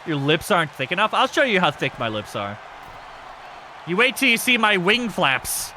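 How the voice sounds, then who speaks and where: A man hosting a live stream, giving casual commentary on a wrestling game with excitable, crude joking. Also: sits high, moderate pace, a faint crowd, slight background noise. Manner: excitable, crude and joking, yelps at big moves.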